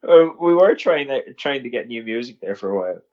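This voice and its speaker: A man's voice: medium pitch, lively intonation, fairly quick, lo-fi sound. A man co-hosting a podcast, giving short replies and laughing often in casual chat. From Ireland. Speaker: podcast co-host.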